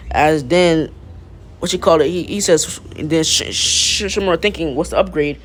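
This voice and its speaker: A young man casually spinning a fan-made story off the cuff. He stammers and restarts often, piles on profane slang and chuckles at his own asides, and his pitch sits squarely in the middle. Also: moderate pace, fairly bright tone. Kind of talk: casual fan-fiction retelling.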